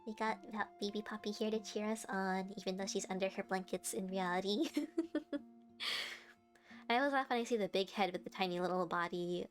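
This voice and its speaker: A woman's voice: mid-range voice, steady tone, fairly quick, faint music behind. A young woman streaming live, chatting casually and giggling as she answers her chat.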